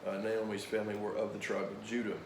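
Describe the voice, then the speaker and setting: A man leading a Bible study, reading scripture aloud with commentary in a measured, drowsy voice broken by "uh" fillers. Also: lowish voice, level tone, roomy sound, noisy background. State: drowsy, yawning.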